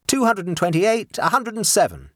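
A man's voice: high-pitched, wildly swooping pitch, moderate pace, no echo, clean studio sound, voice pushed up, heavily acted. A man doing a young billiard marker singing scores. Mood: calling scores. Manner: loud sing-song calling out of numbers.

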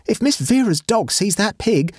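A man's voice: big pitch swings, normal speed, a little mellow, breathy edge, no room sound, clean studio sound, full character voice. A man voicing a flustered female housemaid in a storybook reading. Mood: alarmed. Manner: shrill exclaiming.

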